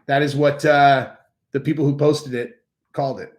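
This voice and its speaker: A man hosts a relaxed livestream in an everyday, mid-pitched voice. He rambles from thought to thought, leans on fillers like "like" and "I mean," and restarts his sentences often. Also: moderate pace. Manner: rambling, filler-heavy talk with frequent "like" and restarts. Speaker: livestream host. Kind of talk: casual livestream chat.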